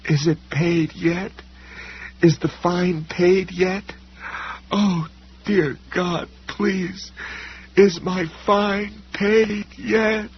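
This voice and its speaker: A man's voice: high-pitched, steady tone, very slow, pitched above the performer's own voice. A man voicing a grown man haunted by nightmares, with a harsh, choked voice. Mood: panicked pleading. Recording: dull recording with faint hum.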